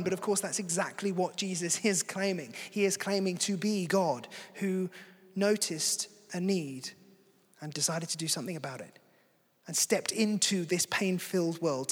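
A man's voice: high voice, moderate pace. A man preaching a sermon in a conversational, earnest way. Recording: long hall reverb.

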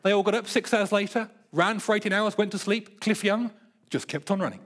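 A man's voice: high voice, a little fast, a bit bright. A middle-aged man preaching a sermon, earnest and building emphasis, with playful storytelling. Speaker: pastor.

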